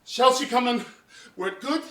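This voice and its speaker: An actor playing a jealous, tormented husband in amateur stage acting, brooding murmurs breaking into shouts. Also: male voice, very high voice, normal speed. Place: outdoor stage, roomy. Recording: roomy echo from far off.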